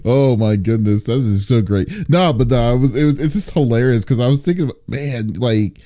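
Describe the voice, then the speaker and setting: A man hosting an interview, asking halting questions with frequent restarts. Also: mid-range voice, mellow. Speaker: interview host. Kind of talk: casual interview chat.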